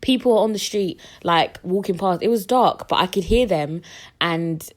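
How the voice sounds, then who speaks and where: A young woman hosts her podcast and tells stories casually. She is animated and slips into the voices of the people she quotes. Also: fairly low pitch, moderate pace. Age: young adult. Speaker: podcast host. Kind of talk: casual storytelling.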